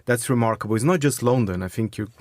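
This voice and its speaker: A man's voice: mid-range voice, fast talker, darkish tone, slight background noise. A man hosting a radio interview, friendly and admiring toward his guest. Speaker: radio host. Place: radio studio.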